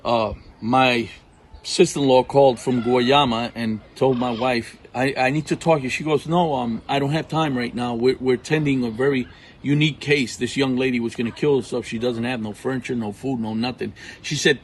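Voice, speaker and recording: A middle-aged man from Puerto Rico, a ministry partner telling faith testimonies in an animated way, acting out what people said. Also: mid-range voice, normal speed, a little hiss or hum, rough recording. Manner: animated storyteller, acts out quotes. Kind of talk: testimony talk. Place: outdoors at home.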